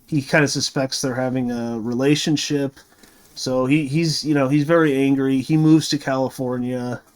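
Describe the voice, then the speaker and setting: Guy casually rambling through a movie plot, lots of ums and restarts, middle-pitched voice. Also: fairly even intonation, moderate pace. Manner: rambling, many fillers and restarts. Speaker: movie reviewer.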